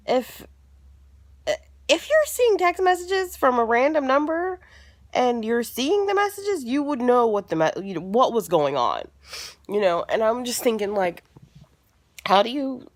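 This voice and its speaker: A young adult woman, pregnant, telling a story casually to her viewers, dropping into hushed asides now and then. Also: fairly high pitch, no echo. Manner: animated, drops to hushed asides. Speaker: vlogger.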